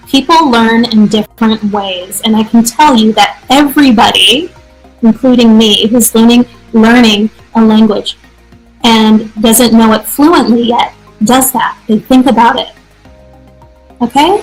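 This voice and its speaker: A woman's voice: fairly high pitch, rough recording. A woman teacher hosting a live question-and-answer stream, chatty, upbeat and reassuring. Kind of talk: live casual Q&A.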